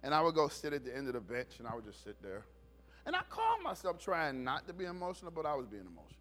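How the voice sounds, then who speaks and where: A man's voice: fairly high pitch, quick pace. A middle-aged male pastor preaching a sermon, telling stories and acting out the voices of the people in them. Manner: animated storytelling, acts out voices.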